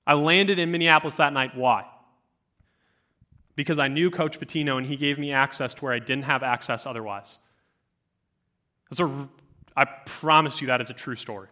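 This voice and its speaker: A man's voice: mid-range voice, moderate pace, long pauses. Young man telling a youth sermon. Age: 20s. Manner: animated storytelling, many fillers. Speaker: youth speaker.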